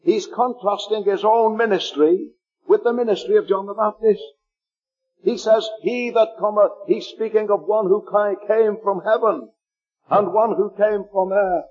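A man from Liverpool, England, with a Liverpool accent, preaching a fervent sermon and slowing down to read scripture aloud. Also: sits high, a little mellow, husky, lo-fi sound.

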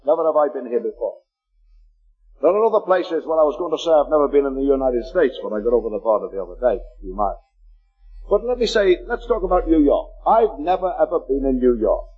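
A man from Liverpool, England, with a Liverpool accent, preaching a fervent sermon and slowing down to read scripture aloud. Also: medium pitch, lively intonation, husky, phone-quality sound.

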